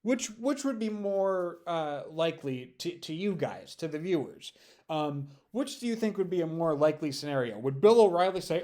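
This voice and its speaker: Man, vlogger doing reaction commentary, slightly high voice, sarcastic and heated. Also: big pitch swings, normal speed, a little mellow. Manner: sarcastic, heated ranting with mocking impressions.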